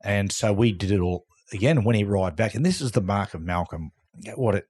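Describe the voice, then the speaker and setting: This Aussie man, middle-aged and once a footballer, has a fairly low voice and a fairly quick pace. On a podcast as a guest, he tells laid-back stories, voicing the other characters and breaking into loud laughter.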